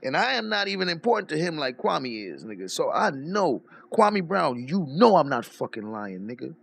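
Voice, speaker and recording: A man telling a story in a casual rant, profane and animated, breaking into laughter as he talks. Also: fairly high pitch, moderate pace, vocal fry, slightly rough. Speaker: streamer.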